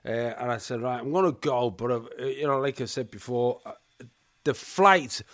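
A man chatting as a podcast guest, animated and laughing, acting out quotes as he tells stories. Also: medium pitch, normal speed. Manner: animated, laughing storyteller who acts out quotes. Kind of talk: casual chat.

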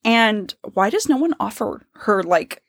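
A woman's voice: mid-range voice, sing-song, unhurried, dry recording, studio quality. A woman co-hosting a book podcast, chatting casually in a thoughtful, analytical way. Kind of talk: casual chat.

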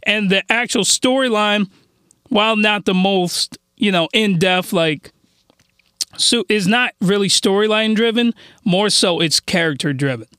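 A man's voice: high voice, measured pace, sharp tone, smooth, dry recording, studio quality. A young man chatting enthusiastically through an anime review, laughing and restarting his sentences. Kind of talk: casual review chat.

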